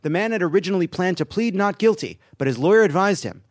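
A man riffing through comedic news bits as a podcast host, sardonic and crude, often laughing at his own jokes. His voice sits high and swings widely in pitch. The recording has clear background noise. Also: lively intonation, unhurried, pauses often.

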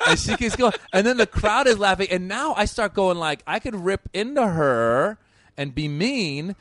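A man's voice: sits high, normal speed, dry recording. Talkative man from Iran, dry sound. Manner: animated storyteller, restarts and repeats words. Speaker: stand-up comedian. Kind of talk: casual podcast chat.

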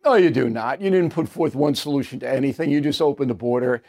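A man's voice: medium pitch, fast, a little mellow. A man hosting an opinionated news commentary show, talking in an indignant, sarcastic way with scoffing asides, in a studio. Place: studio with earpiece to producers.

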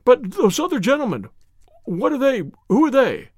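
A man's voice: sing-song, a little fast, dry recording, studio quality. A man voicing a fat, frightened middle-aged man with a reedy, quivering, nervous voice. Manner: nervous, pleading, high-strung.

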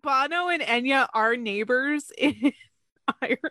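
Blunt, sarcastic young woman, high voice. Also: unhurried, sharp tone, dry recording. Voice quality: sarcastic, blunt, swears freely. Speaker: podcast co-host. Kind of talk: casual chat.

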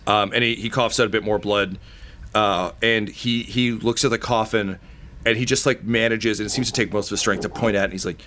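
A man narrating as game master of a tabletop game, halting with many fillers and casual swearing. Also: lowish voice, a bit bright.

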